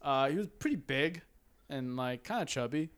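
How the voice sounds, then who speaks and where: A man's voice: medium pitch, expressive, normal speed, a bit bright, clean tone. A young man casually telling a story to a friend, laughing often and acting out what people said, with plenty of swearing. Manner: laughing storyteller, acts out quotes, swears freely.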